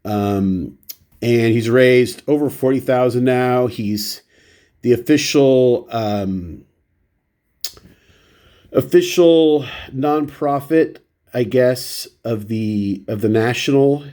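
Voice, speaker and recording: A man with a mid-range, dark-toned voice speaks slowly, sniffling through a runny, stuffy nose as he casually chats his way through a stack of baseball cards. This baseball card vlogger rambles, pokes fun at himself, and shows the cards one at a time.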